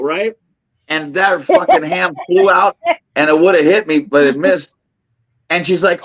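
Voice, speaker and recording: A man's voice: on the high side, moderate pace, creaky, fairly bright tone. A middle-aged man co-hosting a casual chat, telling a story with many restarts, fillers and laughs. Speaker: co-host. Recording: dull lo-fi remote audio.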